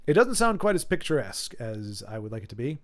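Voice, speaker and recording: A man's voice: medium pitch, very animated, fast talker. A man in his forties chatting casually on a live game stream, often stumbling over his words and restarting sentences as he answers viewers. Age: 40s. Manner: stammering restarts, reads viewer chat aloud. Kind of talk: casual live-stream chat while playing.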